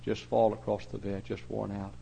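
A man preaching a sermon as pastor, swinging from hushed storytelling to loud hollering. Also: lowish voice, little pitch movement, normal speed, gravelly, a little hiss or hum, low-quality recording.

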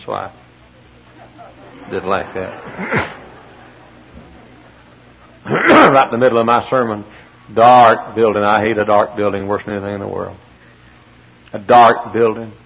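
A man's voice: on the low side, creaky. A male pastor preaching a sermon in a church, telling a story with emphatic bursts. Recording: dull lo-fi sermon tape with faint hiss.

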